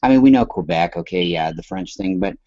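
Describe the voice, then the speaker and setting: A man's voice: low-pitched, expressive, a little fast, warm tone, no echo, muffled recording. A man from the American West Coast, co-hosting a talk show and chatting in a loose, rambling way, swearing casually. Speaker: co-host. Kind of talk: casual chat.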